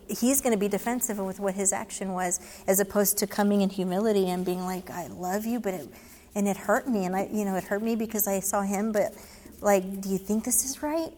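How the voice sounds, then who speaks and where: In a large hall, a woman with a mid-range, darkish voice answers audience questions. Her advice is candid and conversational, and she acts out her own earlier exchanges as she goes.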